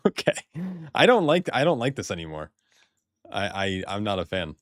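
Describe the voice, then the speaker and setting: A man's voice: on the low side, very animated, moderate pace, dry recording, studio quality. A man streaming a video game in casual chat, swearing, laughing often and stammering when surprised.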